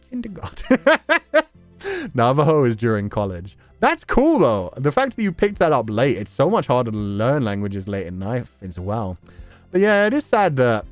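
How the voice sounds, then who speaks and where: A man's voice: lowish voice, no room sound. A man hosting a livestream, chatting loosely with viewers, full of fillers and frequent laughter. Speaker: livestream host. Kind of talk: casual livestream chat reading viewer messages.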